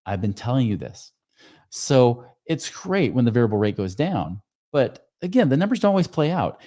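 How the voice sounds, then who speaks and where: A man's voice: medium pitch, big pitch swings, brisk, mellow. A man hosting a finance podcast, walking through loan numbers in an emphatic, explanatory way. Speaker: podcast host, financial advisor.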